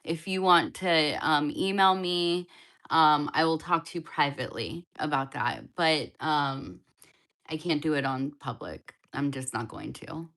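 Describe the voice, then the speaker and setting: A woman whose voice sits low gives tarot readings on a live stream, speaking unhurriedly with a fairly bright tone. She chats loosely, answers the chat, and talks straight to her viewers.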